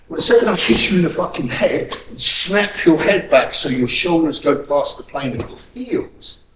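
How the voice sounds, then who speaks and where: A man coaching a self-defence class, his voice sitting a little high for a man. He is blunt and profane and barks drill commands. The sound comes from some way off the mic, in an echoey room with a faint hiss behind it. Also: far from the mic. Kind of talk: hands-on class instruction.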